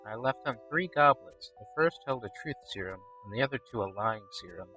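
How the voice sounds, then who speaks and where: A man's voice: on the low side, animated, brisk, sharp tone, faint music behind, rough recording. A man voicing a small, self-pitying mouse who pleads in grand, old-fashioned phrases. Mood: dramatic.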